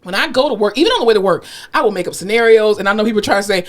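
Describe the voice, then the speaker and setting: Blunt, animated woman on a podcast. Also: medium pitch, racing, hardly any pauses. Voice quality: nasal in her podcast voice. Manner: blunt and animated, swears freely. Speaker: podcast co-host. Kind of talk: casual podcast chat.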